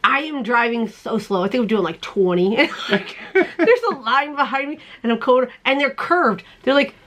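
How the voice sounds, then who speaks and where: A woman hosting a crafting channel, telling stories in a casual chat, animated and quick to laugh as she acts out her own panic. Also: fairly high pitch.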